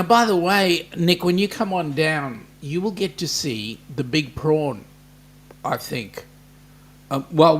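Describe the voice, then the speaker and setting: A man's voice: a little high, fairly bright tone. A man with an Australian accent hosting a casual live stream, reading out viewer comments and chatting back with plenty of "mate" and "um". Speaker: livestream host reading chat. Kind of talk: casual livestream chat.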